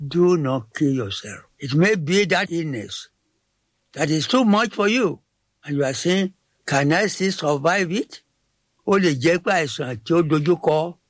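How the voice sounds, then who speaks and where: A man preaching a sermon in slow, emphatic, short phrases, switching between English and Yoruba. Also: fairly high pitch, no room sound.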